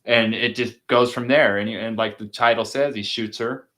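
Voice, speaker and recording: A man's voice: mid-range voice, fairly even intonation, normal speed, fairly bright tone. A man in casual chat, hosting and retelling a movie in a rambling, profane way. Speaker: podcast host.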